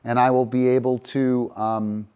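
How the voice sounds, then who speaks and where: A middle-aged man teaching dog training live. He praises the dogs softly and then explains each game in a steady, unhurried way, moving nearer to and farther from the mic. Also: mid-range voice, clear, resonant tone, dull audio.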